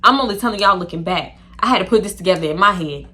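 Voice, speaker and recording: Talking fast in a mid-range voice, this young woman tells a slangy, casual story to camera as a storytime vlogger. She's animated, swears, and voices the characters herself.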